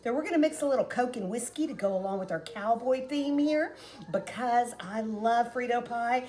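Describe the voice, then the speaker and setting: Chatty woman home cook hosting her own vlog, folksy, higher voice that bounces around a lot. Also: expressive, a little fast, darkish tone. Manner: chatty and folksy, talking straight to viewers. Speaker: home cooking vlogger. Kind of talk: casual cooking demonstration.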